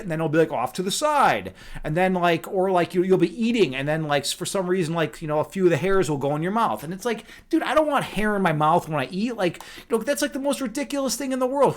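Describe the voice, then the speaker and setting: A man from Chicago hosting a casual livestream chat, rambling and laid-back, repeating words and saying "dude" and "man" a lot. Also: sits high. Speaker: livestream host.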